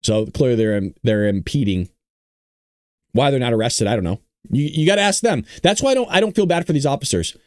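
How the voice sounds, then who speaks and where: A man's voice: mid-range voice, lively intonation, brisk, darkish tone. A man hosting a political commentary show, reading news aloud and reacting bluntly and indignantly while talking straight to his viewers. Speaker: show host.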